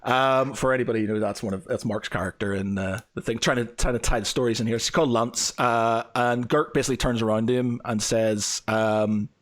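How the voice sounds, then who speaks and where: A man running a tabletop game in a mid-range voice. He talks haltingly, circling back with ums and uhs as he describes what the players see. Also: mid-range voice, steady tone. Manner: halting, full of fillers and restarts. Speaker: dungeon master.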